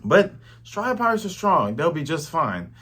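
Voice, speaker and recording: Animated man recapping a manga chapter. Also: on the high side, unhurried, breathy edge. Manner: animated retelling, acting out the characters. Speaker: manga reviewer.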